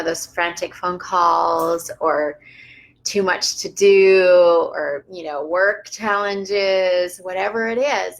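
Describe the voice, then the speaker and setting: A woman teaching yoga on a live stream, gently guiding listeners through a slow breathing practice with soft laughs now and then. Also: mid-range voice, creaky, low-quality recording. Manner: calm, unhurried guidance with frequent soft laughs.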